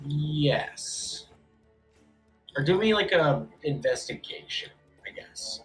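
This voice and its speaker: A game master narrating a tabletop game, quick and rambling with lots of fillers. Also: medium pitch, expressive, faint music behind, poor audio.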